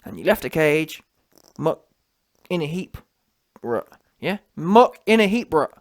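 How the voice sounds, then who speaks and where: A man's voice: a little high, very animated, a little slow. Taunting man ranting. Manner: taunting, repetitive, slangy, with frequent "yeah?" tags. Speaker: commentary channel host. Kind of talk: mocking reaction rant.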